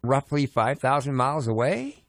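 A man's voice: mid-range voice, sing-song, normal speed, dry recording, studio quality. A man co-hosting a talk show, prim and earnest, refusing to play along with the jokes. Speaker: co-host. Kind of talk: casual comedic banter.

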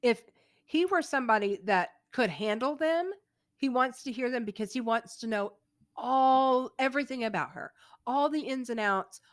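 A woman co-hosting a podcast, agreeable and quick to laugh, often chiming in with short affirmations during casual chat. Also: a little high, expressive. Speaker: podcast co-host. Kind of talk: casual reality-TV recap chat.

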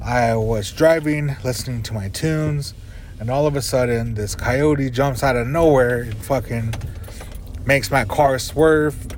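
A man's voice: medium pitch, measured pace. A man hosting a podcast, telling stories in a rambling, casual way, swearing and chuckling as he talks from inside his car. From Arizona reservation. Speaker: podcast host. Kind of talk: casual storytelling. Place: inside a car on a dirt road. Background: faint vehicle noise.

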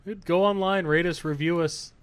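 A man's voice: sits high, fairly even intonation, moderate pace, clear, resonant tone. A man in casual podcast chat, blunt and laid-back, plugging the show. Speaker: podcast co-host.

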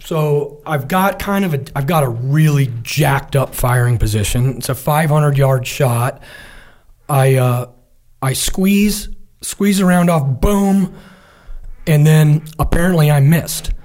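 A man's voice: a little high, takes it slowly. A middle-aged man, a military veteran, telling a war story in casual conversation and acting out what his comrades said. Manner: vivid storytelling, animated quoting of comrades.

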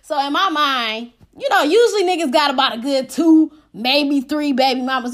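A woman hosting a podcast from her bed at home, telling a story in a casual, animated way full of slang and swearing, recorded on a phone. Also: high voice, normal speed. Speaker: podcast host.

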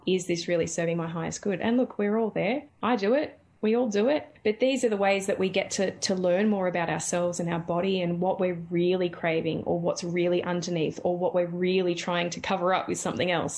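A woman with a somewhat low voice explains things gently and reflectively. She talks in an easy conversational way and often repeats her phrases for emphasis. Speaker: wellness guest. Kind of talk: casual podcast conversation.

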